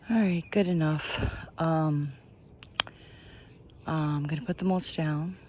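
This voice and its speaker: A woman's voice: deep voice, fairly even intonation, slow, pauses often, a little mellow, slight background noise. Chatty woman vlogging from her yard. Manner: chatty, rambling, laughs often. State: out of breath at times. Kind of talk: casual outdoor vlog. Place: outdoor yard. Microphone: handheld camera close to face.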